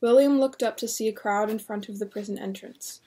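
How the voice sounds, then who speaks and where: A woman reading a horror novel aloud in a steady, measured narration. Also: medium pitch, husky. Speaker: audiobook reader.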